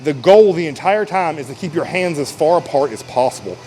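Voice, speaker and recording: A man coaching a shoulder exercise in a casual, energetic way, talking while he lifts and strains through the reps. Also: on the high side, fairly quick, poor audio. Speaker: fitness coach.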